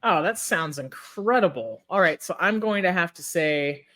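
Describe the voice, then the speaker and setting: A woman's voice: fairly low pitch, animated, a bit bright. A woman hosting a podcast in casual chat, sleepy, jokey and often laughing. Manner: laughing, jokey, drawn-out yawny delivery. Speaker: podcast host.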